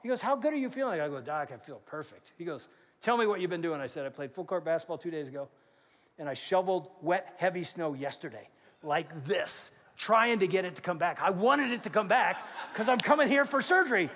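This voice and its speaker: This middle-aged pastor delivers a brisk sermon in a big church, his fairly high male voice ringing with long reverb. Energetic and animated, he brings his stories to life by performing the quoted lines of their characters.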